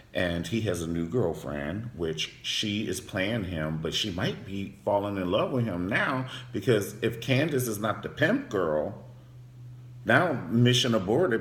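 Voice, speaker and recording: Man, sassy gossipy show recap, lively swooping pitch, echoey room. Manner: sassy, flamboyant, gossipy with sudden high squeals. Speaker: TV show reviewer. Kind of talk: casual recap vlog.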